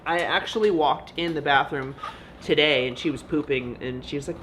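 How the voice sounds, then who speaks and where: A young man chatting casually in a Q&A vlog, goofy and animated, now and then breaking into loud high-pitched yelps. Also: a little fast, a little hiss or hum. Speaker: vlogger.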